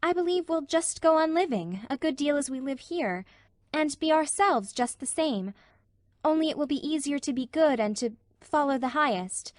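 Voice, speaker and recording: A woman reading an audiobook voices a gentle, thoughtful young woman who comforts a friend hesitantly and tenderly. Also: high-pitched, expressive, normal speed, dry recording, studio quality, voice pushed up.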